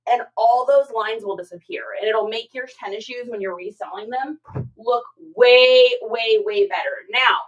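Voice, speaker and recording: A middle-aged woman hosting a casual live stream, chatting and reading out viewer comments in an expressive way, with many fillers and repeated words. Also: a little high, low-quality recording.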